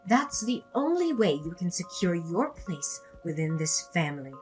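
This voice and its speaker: A woman's voice: lowish voice, very animated, normal speed. An actress playing a pushy, superstitious mother-in-law, scolding and commanding, over faint music.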